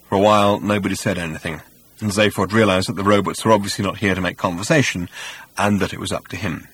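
Husky low-voiced male narrator. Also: fairly even intonation, fast, fairly bright tone, no room sound. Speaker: audiobook narrator. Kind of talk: scripted narration.

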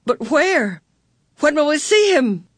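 A man's voice: extremely high pitch, sing-song, takes it slowly, no echo, studio quality, pitched above the performer's own voice, exaggerated voice. A man voicing a frightened young girl who asks urgent, anxious questions in a storybook reading. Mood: anxious pleading.

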